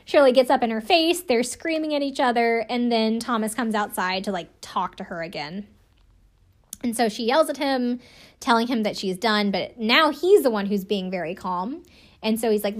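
A woman's voice: fairly high pitch, moderate pace. A woman casually recapping a reality TV episode, chatty and profane, filling her talk with "like" and laughing often. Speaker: show recapper.

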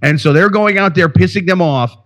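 A man's voice: high-pitched, fairly quick, a bit bright. A man from Iowa co-hosting a podcast, talking in casual, profane banter full of stammered restarts. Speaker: podcast co-host.

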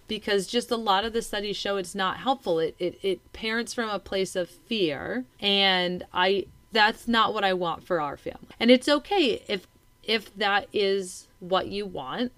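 A woman's voice: mid-range voice, fairly bright tone, dry recording. A woman, a parent, explaining her views thoughtfully in a casual conversation with many fillers.

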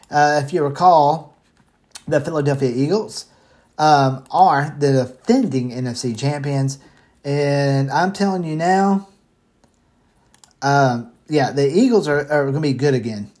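A man's voice: on the high side, darkish tone. A man hosting a casual football picks show from home, rambling and swearing casually, short of breath as he talks. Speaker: sports picks host. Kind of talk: casual sports betting talk.

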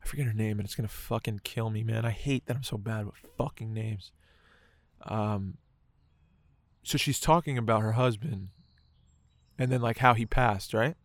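A man's voice: fairly low pitch, normal speed, dry recording. A man telling a moving personal story in casual conversation, swearing often and filling his talk with "like" and "right". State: choked up.

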